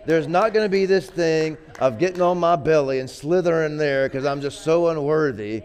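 A man's voice: fairly high pitch, moderate pace, hardly any pauses, a little mellow. A man preaching a sermon in a conversational way, often repeating words and building to emphatic peaks. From grew up poor.

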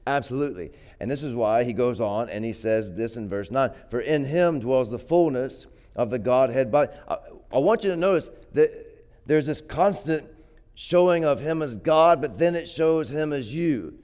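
Conversational preacher with a smooth voice. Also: male voice, medium pitch, normal speed, darkish tone. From grew up poor. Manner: conversational, repeats words, builds to emphatic peaks. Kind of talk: sermon.

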